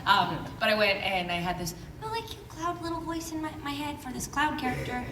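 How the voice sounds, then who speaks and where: A woman's voice: high-pitched, expressive, fairly quick. Chatty woman panelist in an echoey hall. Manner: chatty, rambling with "like". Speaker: voice actor panelist. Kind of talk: panel anecdote. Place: convention panel room. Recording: roomy hall from far off with noise.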